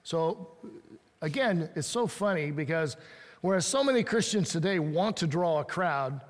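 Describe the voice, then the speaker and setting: A man's voice: fairly high pitch, lively intonation, a little slow. A man preaching a sermon in a conversational way, reading scripture and acting out the lines he quotes. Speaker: pastor. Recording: long hall reverb.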